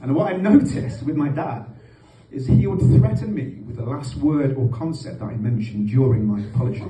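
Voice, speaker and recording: A man, performing lively stand-up comedy stories on a comedy venue stage. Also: medium pitch, moderate pace. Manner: lively storytelling with animated asides. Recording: echoey live venue from far off.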